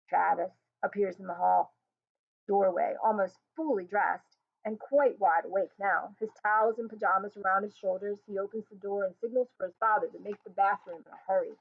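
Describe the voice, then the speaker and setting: A woman reading a stage play aloud, giving the stage directions in an even, matter-of-fact way. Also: medium pitch, normal speed, vocal fry, breathy edge. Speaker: reader. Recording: tinny phone-like sound.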